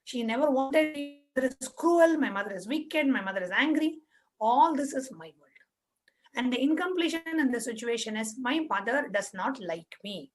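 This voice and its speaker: High-voiced woman guiding a workshop. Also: animated, moderate pace, low-quality recording. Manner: patient, repetitive step-by-step instructions. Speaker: workshop facilitator. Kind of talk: guiding an online spiritual workshop.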